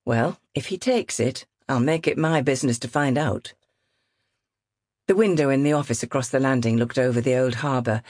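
A woman narrating a novel in a measured, expressive reading. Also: a bass voice, dry recording, studio quality. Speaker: audiobook narrator. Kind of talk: scripted narration.

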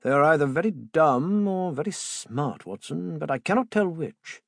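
A man's voice: fairly high pitch, lively intonation, normal speed, gravelly, dry recording, studio quality, pitched above the performer's own voice. A man voicing a terse, restless male detective who speaks in a clipped, curt way.

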